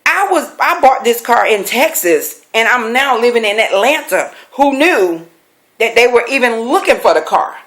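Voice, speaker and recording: A middle-aged woman with a slightly high voice recounts a personal story. She talks emphatically, repeats phrases for weight and slips into lively voices for other people. Her delivery is that of a coach sharing a lesson. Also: normal speed. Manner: animated, acts out quoted voices; emphatic repetition. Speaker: life coach.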